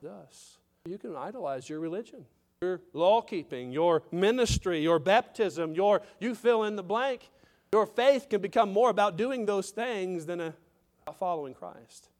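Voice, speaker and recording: A man's voice: sits high, animated, measured pace. A man pastor preaching a sermon, emphatic, with repetitions and direct questions to the congregation.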